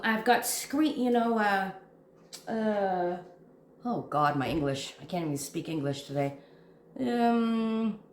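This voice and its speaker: A woman hosting a crochet channel, telling a story to camera in a casual, animated and jumpy way, laughing at herself. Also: a little high. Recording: echoey room.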